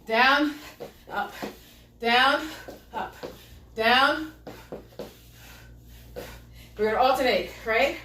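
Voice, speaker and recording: A woman with a fairly high voice coaches a workout at home, breathless and upbeat as she calls out moves and greets viewers. She sounds a little distant from the mic, in an echoey room with faint noise behind her. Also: drawn-out words, long pauses, bright, forceful tone. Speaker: fitness instructor. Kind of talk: live workout session.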